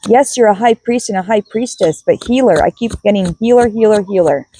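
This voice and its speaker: Husky woman doing a spiritual card reading. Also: medium pitch, fairly quick, mellow, no echo, poor audio. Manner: musing, thinks aloud, repeats key words. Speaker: tarot and oracle card reader.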